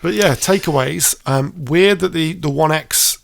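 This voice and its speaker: A man's voice: on the high side, unhurried, gravelly, no echo, clean studio sound. A man co-hosting a casual video game graphics comparison, rambling with many ums. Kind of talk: casual commentary over footage.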